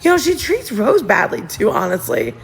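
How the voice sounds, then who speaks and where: A woman's voice: medium pitch, wildly swooping pitch, normal speed, gravelly, slight background noise. A woman hosting a casual livestream, chatting and gossiping with viewers in a giggly, rambling way, talking into her phone. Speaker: livestream host.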